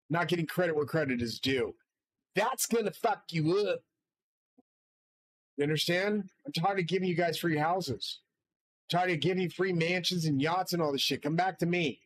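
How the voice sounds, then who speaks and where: A man's voice: a little high, fairly bright tone, low-quality recording. A man hosting his own channel, delivering a rambling, profane and grandiose solo monologue from his studio. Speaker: channel host.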